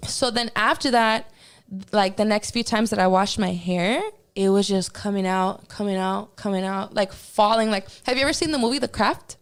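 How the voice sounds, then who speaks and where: A woman's voice: mid-range voice, moderate pace, smooth. A woman guest on a podcast telling a personal story in casual, profane talk, acting out her own reactions as she goes.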